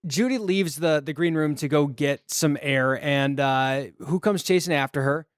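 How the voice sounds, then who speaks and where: A man with a somewhat high voice retells a movie in casual podcast chat. He rambles a little and acts out the characters' lines as he goes. The recording is dry, with no room sound. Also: moderate pace, clean tone, no echo. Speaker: podcast co-host.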